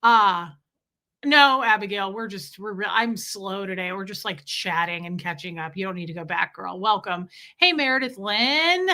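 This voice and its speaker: A woman's voice: mid-range voice, normal speed, hardly any pauses, pushed and bright. A woman hosting a casual livestream, greeting viewers by name and rambling through chatty asides. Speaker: livestream host. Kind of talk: casual livestream chat reading viewer names.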